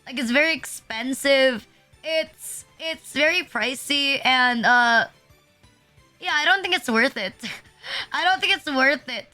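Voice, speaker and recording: Young female streamer, high bright voice, blunt rambling chat with light music under it. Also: takes it slowly. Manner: rambling, blunt, swears a lot, filler-heavy. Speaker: VTuber streamer. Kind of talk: casual live-stream chat.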